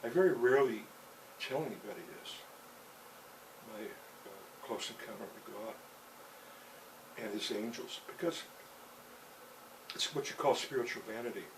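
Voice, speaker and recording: A man's voice: on the low side, a little slow, long pauses, far from the mic, noisy background. A man telling a rambling personal story in a loose, chatty way, dropping "you know" and chuckles between lines.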